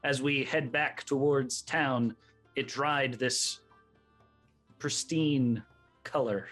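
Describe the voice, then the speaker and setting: Slow-talking man playing a tabletop game. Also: medium pitch, fairly even intonation, a bit bright, faint music behind. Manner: laughing, self-mocking banter. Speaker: player. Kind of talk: casual tabletop play.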